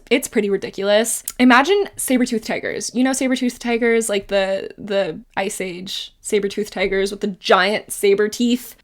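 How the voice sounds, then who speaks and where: A woman hosting a book channel, giving a chatty, casual recap of a novel, with lots of "like" fillers and frequent laughs. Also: medium pitch.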